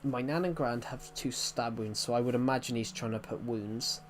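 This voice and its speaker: A man's voice: medium pitch, normal speed, a little hiss or hum. A young man from England with an English accent, chatting casually while live-streaming a game, rambling, repeating himself and restarting his sentences.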